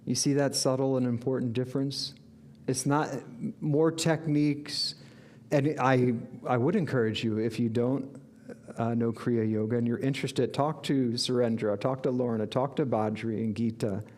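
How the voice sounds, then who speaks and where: A man's voice: medium pitch, steady tone, moderate pace, a little mellow. A man giving an inspirational sermon as a spiritual teacher, earnest and reflective, with bursts of enthusiasm.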